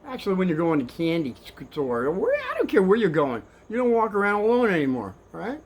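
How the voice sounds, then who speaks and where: This is an older man with a fairly high-pitched voice, telling a story to children in a loose, rambling way. He drops to a hush and then rises to excitement. A faint hiss sits behind him. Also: fairly quick. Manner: rambling, animated, swings between hushed and excited. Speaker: vlogger telling kids a story. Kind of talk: casual storytelling to kids.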